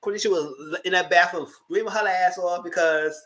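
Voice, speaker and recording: A TV show reviewer giving a casual recap, animated and laughing, acting out the characters in squealing high voices. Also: normal speed. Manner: laughs through the story.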